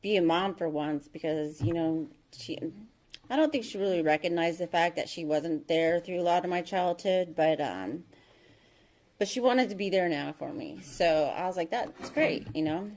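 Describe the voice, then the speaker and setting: A woman in her thirties telling her recovery story as an AA meeting speaker. She speaks candidly and haltingly, with many ums and restarts. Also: lowish voice, a little mellow, a little hiss or hum.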